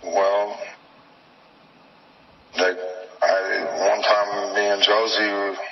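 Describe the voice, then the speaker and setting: Interviewee, man: low, halting, plainspoken, heard from far off on a muffled recording with faint hiss. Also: little pitch movement. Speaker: interviewee, missing girl's father. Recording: dull, distant phone-like recording with faint noise.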